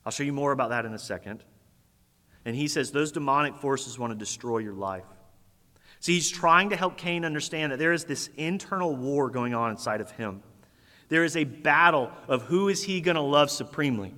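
A male pastor preaching a sermon in a casual, energetic way, full of slang. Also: mid-range voice, moderate pace. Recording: echoey hall.

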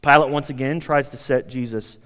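American pastor preaching in a reverberant hall. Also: male voice, mid-range voice, fairly even intonation, fairly quick, a bit bright, smooth. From United States. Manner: conversational, emphatic, acts out quoted speakers. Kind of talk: sermon.

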